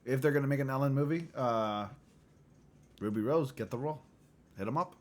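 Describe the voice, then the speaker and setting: A man hosting a casual livestream chat, loose and profane, who often clears his throat. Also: mid-range voice, a little fast. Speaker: livestream host.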